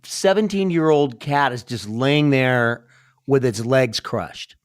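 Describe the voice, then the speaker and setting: A man co-hosting a podcast, blunt and quick to question and joke. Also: medium pitch, no echo, clean studio sound. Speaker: podcast co-host. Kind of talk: casual chat.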